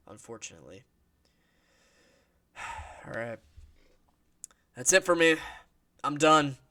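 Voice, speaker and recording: A man giving a casual, blunt fight prediction in a vlog, swearing freely and sharing strong opinions. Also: mid-range voice. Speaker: MMA fight analyst.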